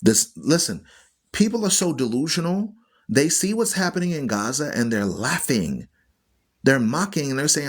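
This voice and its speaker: A man's voice: medium pitch, big pitch swings, normal speed, slightly rough. A man hosting an online Bible radio show, teaching scripture in an emphatic, preachy way and repeating phrases for stress. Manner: preachy, argues with viewers.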